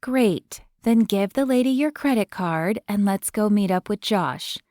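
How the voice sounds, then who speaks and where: Brisk teasing young woman stylist, read by a woman, lively pitch, dry close sound. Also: dry recording, lightly acted. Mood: coaxing. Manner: upbeat, bossy, coaxing.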